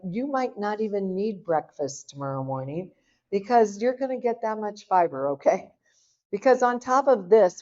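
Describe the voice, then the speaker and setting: A woman's voice: mid-range voice, a little mellow. A middle-aged woman from Oklahoma giving a chatty, folksy cooking talk to an audience at a health seminar. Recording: dull lo-fi sound.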